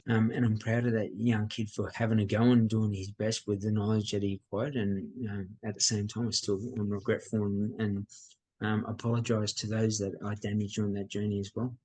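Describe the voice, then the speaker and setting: A man's voice: lowish voice, level tone, brisk, darkish tone, low-quality recording. A middle-aged man, telling his life story as a podcast guest in a plain-spoken, reflective way. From Australia. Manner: reflective, plain-spoken, acts out quoted dialogue. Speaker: podcast guest, mindset coach. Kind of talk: candid personal storytelling.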